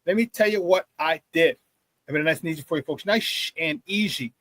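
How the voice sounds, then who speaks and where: Hype-man energy drives this man's casual morning sports talk show as he greets viewers and shouts out the chat. His pitch is fairly high, his pace quick, and there's no echo.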